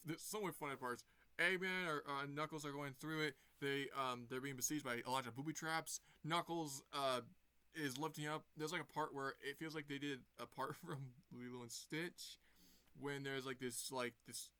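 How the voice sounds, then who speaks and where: A man casually recapping a movie for his vlog, wandering through the story with fillers and false starts. His voice is bright and smooth and sits a little high. The sound is dry and close. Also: no echo. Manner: rambling, full of fillers and restarts. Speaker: movie reviewer.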